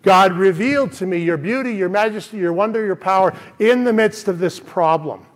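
A man's voice: high-pitched, a little fast. A middle-aged male pastor preaching a sermon, earnest and emphatic, building to passionate conviction. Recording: long hall reverb.

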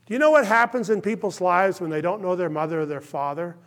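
A male pastor preaching a sermon, impassioned and then hushed, checking in with "okay?" often. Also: sits high, quick pace. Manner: impassioned, drops to hushed tones, frequent "okay?" check-ins.

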